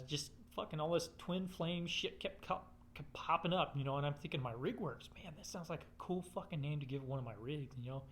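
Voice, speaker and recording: A man tells a loose, rambling story from his own life, swearing constantly along the way. His voice sits a little higher than most men's. Faint noise hums behind him. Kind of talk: casual personal storytelling.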